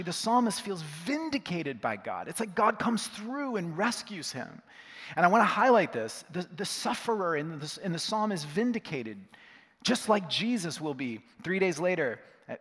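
A man preaching a sermon, teaching with lively, conversational rhetorical questions. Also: fairly high pitch, big-room sound. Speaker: pastor.

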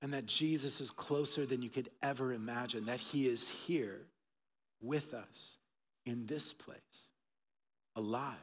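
A middle-aged man preaching an Easter sermon as pastor, swinging between loud emphatic bursts and soft, hushed passages. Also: medium pitch, measured pace, slightly rough. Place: church auditorium. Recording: long reverb of a large hall.

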